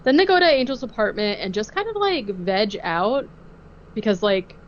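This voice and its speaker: A woman of middling pitch co-hosts a casual podcast, walking through a film scene by scene. She talks chattily with many fillers, and the recording is a touch muffled with a faint hiss underneath. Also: sing-song, moderate pace. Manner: chatty, filler-heavy, laughs easily. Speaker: podcast host. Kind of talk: casual film-recap chat.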